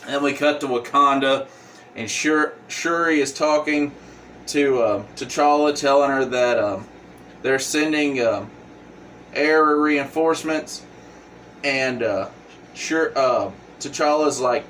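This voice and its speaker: A man giving a casual plot recap in a halting way, with frequent fillers and restarts. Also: medium pitch, fairly bright tone. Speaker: comic book reviewer. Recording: distant mic with faint hum.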